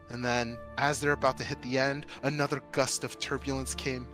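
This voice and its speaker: A man's voice: mid-range voice, flat delivery, normal speed, few pauses, fairly bright tone, faint music behind. A man casually telling a long joke to friends during a game, slipping into little voices. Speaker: gamer telling a joke on a stream.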